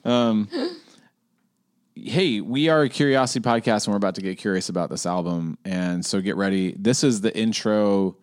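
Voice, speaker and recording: A man's voice: on the low side, fairly quick, hardly any pauses. A man co-hosting a podcast, chatting casually and playfully, often laughing. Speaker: podcast co-host. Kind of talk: casual chat.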